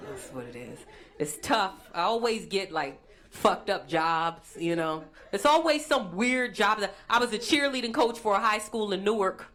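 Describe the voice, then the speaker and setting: A woman's voice: fairly low pitch, lively intonation, normal speed, a bit bright. A young woman performing a crude, punchy stand-up set on a stage mic. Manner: brassy, crude, punchy delivery. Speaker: stand-up comedian. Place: comedy show stage before an audience. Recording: noisy live show with crowd.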